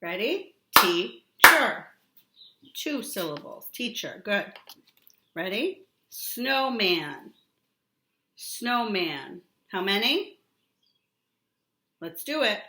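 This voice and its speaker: A woman teaching a young child a remote lesson, drawing out words and repeating them with steady encouragement. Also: mid-range voice, echoey room, very noisy. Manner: slow, drawn-out, encouraging teacher talk with repetition.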